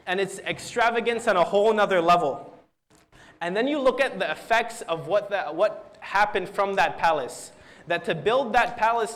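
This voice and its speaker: Young male speaker, high voice, earnest storyteller at a youth gathering, restarts his words. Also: a bit bright. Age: young adult. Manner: earnest storyteller who acts out quoted dialogue. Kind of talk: religious storytelling talk.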